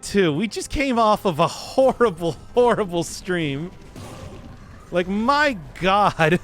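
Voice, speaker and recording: A man's voice: high voice, fairly bright tone. A young man streaming a game, rambling casually, laughing often and swearing. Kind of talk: casual live gameplay commentary.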